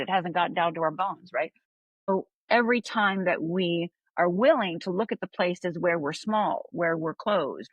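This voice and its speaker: A woman's voice: fairly low pitch, breathy edge, dry recording, dull audio. A woman coach on a podcast interview, telling a story animatedly and often adding "right?". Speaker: life coach guest.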